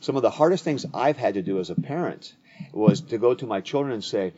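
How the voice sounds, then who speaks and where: A man's voice: mid-range voice, lively intonation, a little fast, warm tone, breathy edge. A man speaking earnestly in a conversation about faith and family, often repeating words as he restarts. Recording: dull lo-fi audio.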